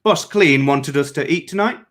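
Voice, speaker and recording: A man's voice: a little high, moderate pace, a bit bright, voice pushed up, lightly acted. A man reading fiction aloud and voicing a male patrol soldier, sneering and threatening at first, then stammering and frantic. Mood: menacing. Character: arrogant male patrol soldier turned panicked.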